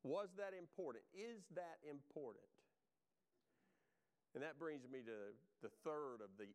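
A man preaching a sermon, talking straight to his congregation in an animated way, his voice rising and falling widely in pitch and loudness. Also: clean tone. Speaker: pastor.

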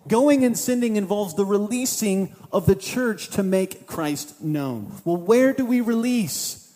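A man's voice: high-pitched, lively intonation, measured pace, mellow, in a large hall. A man preaching a sermon as pastor, casual and conversational, voicing what the disciples might have thought.

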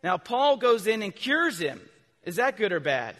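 High-voiced preacher in an echoing hall. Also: male voice, moderate pace. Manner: asks the listeners questions and answers them himself; animated, with bursts of loud emphasis. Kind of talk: children's sermon. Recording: long reverb from a large hall.

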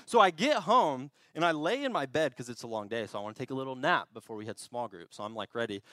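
A young man preaches in a relaxed, storytelling way, laughing at himself and restarting phrases as he goes. His voice sits at an ordinary middle pitch. The sound is dry and close. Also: no room sound. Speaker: pastor. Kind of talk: sermon. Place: church.

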